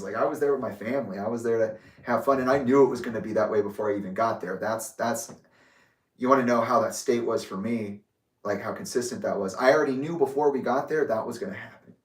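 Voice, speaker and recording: A young man talks through a personal reflection in a loose, rambling way, restarting phrases and swearing now and then. His voice sits at an ordinary middle pitch. It sounds roomy and a little distant from the microphone. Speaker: vlogger. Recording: roomy echo, distant from the mic.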